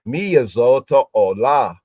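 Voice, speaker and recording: A man teaching a scripture word study on a podcast, repeating each word several times and sounding it out slowly. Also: mid-range voice, lively intonation, a little mellow, dry recording, highs cut off. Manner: slow, repeats words and sounds them out. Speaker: religious teacher.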